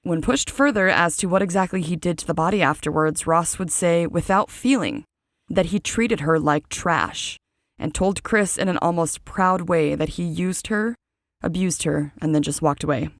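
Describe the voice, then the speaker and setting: A woman narrates true crime in a fairly low voice. She reads from a script and drops in casual personal comments. The recording is dry and close. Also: normal speed, no echo. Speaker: true crime podcast host.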